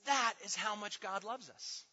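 A man preaching a teaching sermon, emphatic, swinging between loud stressed words and hushed asides. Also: high-pitched, measured pace. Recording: dull sound with long hall reverb.

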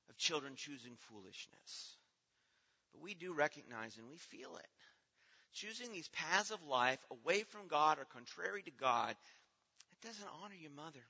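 Bright-voiced man preaching in a reverberant hall. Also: a little high, lively intonation, moderate pace, breathy edge. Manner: earnest, swings from hushed to loud and pleading. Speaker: pastor. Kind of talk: sermon. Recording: dull sound with long hall reverb.

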